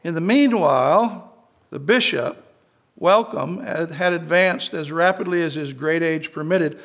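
A man's voice: fairly high pitch, a little slow, a bit bright. A man preaching a sermon as pastor, earnestly telling a story and quoting scripture. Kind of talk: sermon with read-aloud story.

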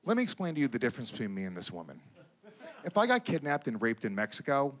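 A man doing a stand-up comedy set on stage, with a loud, animated delivery, profane banter with the crowd and shouted character voices. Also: medium pitch, fast talker. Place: comedy stage before a live audience.

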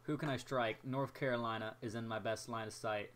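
Young male gameplay commentator, mid-range voice; excitable, self-mocking running chatter. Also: mid-range voice, a little fast, slight background noise. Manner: excitable, jokey, talks to himself while playing.

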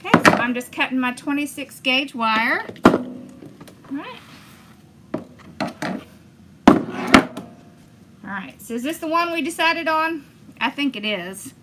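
A woman's voice: high voice, lively intonation, moderate pace, heavy background noise. A woman hosting a crafting video, chatting enthusiastically as she talks viewers through each step. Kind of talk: casual crafting demonstration.

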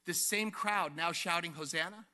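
A male pastor preaching an animated sermon to his congregation, asking them questions and acting out the scene. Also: sits high, moderate pace, big-room sound. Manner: animated, asks the congregation questions and acts out quotes. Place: church sanctuary.

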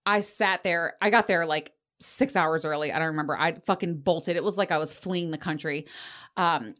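A woman in her forties hosting a solo podcast, telling stories in a candid, profane way with frequent laughter. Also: lowish voice. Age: 40s. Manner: profane, laughing, animated storytelling. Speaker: podcast host.

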